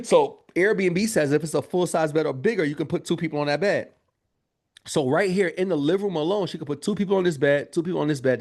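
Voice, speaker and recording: A man coaching viewers in casual livestream talk, animated and calling to the chat. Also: a little high. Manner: animated, talks straight to the chat with lots of y'all. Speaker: Airbnb business coach. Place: home office.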